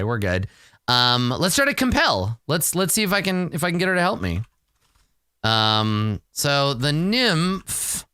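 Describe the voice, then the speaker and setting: Unhurried man narrating a solo tabletop game. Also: medium pitch, clean tone, no room sound, clean studio sound. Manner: relaxed, rambling, self-amused.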